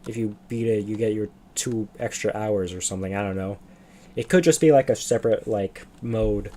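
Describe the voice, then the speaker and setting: A man's voice: fairly low pitch, moderate pace, dark tone, slight background noise. A young man chatting on a livestream, rambling and losing his train of thought. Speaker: streamer. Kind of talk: casual livestream chat.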